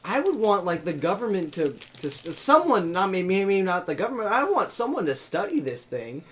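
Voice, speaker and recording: High, lively man rambling in a chat. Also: moderate pace. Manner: rambling, self-correcting. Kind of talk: casual chat.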